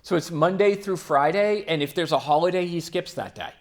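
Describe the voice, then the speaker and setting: A young man giving a casual, chatty church talk, with quick asides and frequent fillers. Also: on the high side. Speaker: church speaker.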